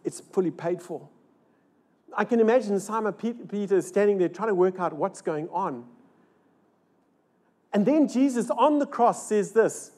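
Older male pastor for a church sermon; theatrical, dips from loud peaks to near-hushed asides, asks the congregation rhetorical questions. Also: expressive, a little slow, long pauses. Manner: dramatic, swings between loud rises and hushed low lines. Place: church service.

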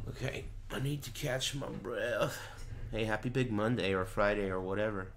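This man's voice is fairly low and a bit bright, with fairly even intonation and a moderate pace, plus a little hiss or hum. A gaming streamer, he plays a horror game, muttering directions to himself and cursing when startled.

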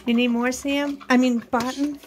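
With a little hiss or hum in the background, a woman vlogs at home at night about her pets. Her voice is high-pitched, with flat delivery at a moderate pace, and she uses a sing-song baby voice with the animals while casually chatting to viewers.

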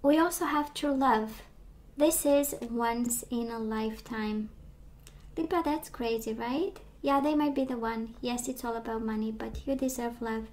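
A woman losing her voice gives a gentle, reassuring tarot reading, talking with many fillers. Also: fairly high pitch, measured pace. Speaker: tarot reader.

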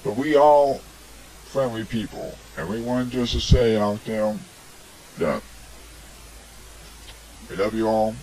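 A man's voice: fairly low pitch, slow, pauses often, dark tone, a little hiss or hum, low-quality recording. A man hosting a homemade radio show, rambling through a preachy opinion monologue full of "I mean" and "come on". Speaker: amateur radio show host. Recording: homemade hobby recording.

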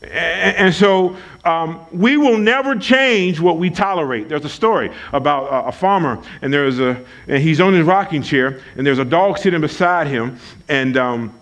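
This pastor's sermon is emphatic and conversational, with folksy asides and key lines repeated for emphasis at a church service. He speaks with a fairly high, gravelly voice that has a fairly bright tone.

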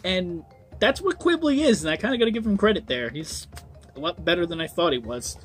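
A man's voice: high-pitched, very animated, a little fast, soft background music. A young man giving a casual book review, rambling with frequent ums and swearing when worked up.

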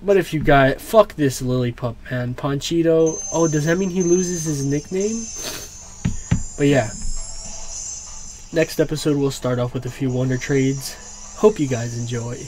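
A young man recording a let's play, exasperated, pleading with the game and swearing, now and then erupting into shouts. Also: on the high side, a little slow, faint music behind. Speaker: gaming YouTuber. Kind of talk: frustrated let's play commentary. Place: home room.

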